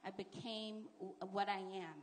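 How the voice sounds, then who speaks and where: A woman's voice: mid-range voice, steady tone, a little slow. A middle-aged woman talking as a guest on a live panel, telling a story with emphatic asides.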